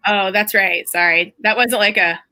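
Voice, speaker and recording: Female co-host, bright tone, wry joking in casual stream chat. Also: mid-range voice, moderate pace, dry recording, clean studio sound.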